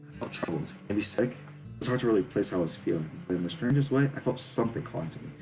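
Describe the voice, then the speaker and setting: A man's voice: fairly low pitch, lively intonation, quick pace, vocal fry, over music, low-quality recording. A man reading a visual novel's narration aloud for viewers, stumbling and correcting himself as he goes. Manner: reads with stumbles and self-corrections. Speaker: game streamer.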